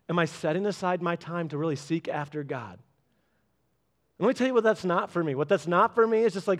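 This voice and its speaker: A man in his thirties preaching a sermon, animated and acting out little voices as he speaks. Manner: animated, acts out voices with big pitch jumps. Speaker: pastor.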